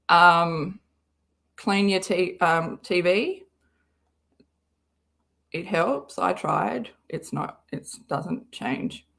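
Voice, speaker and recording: Young woman, live stream host, unhurried and chatty, swears freely. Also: mid-range voice, creaky, a bit bright. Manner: swears often, chatty, greets viewers by name. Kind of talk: casual live stream chat. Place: car.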